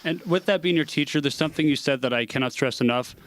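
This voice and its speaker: A man's voice: a little high, quick pace, dry recording. A man hosting a podcast interview, enthusiastic and speaking directly to listeners. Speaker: podcast host. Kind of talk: casual interview chat.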